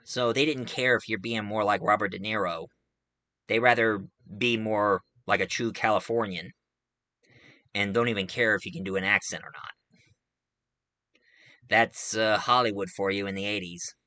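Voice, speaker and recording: A man's voice: fairly low pitch, normal speed, pauses often, bright, forceful tone, no echo. A man giving a casual spoken movie review, rambling along with frequent filler sounds.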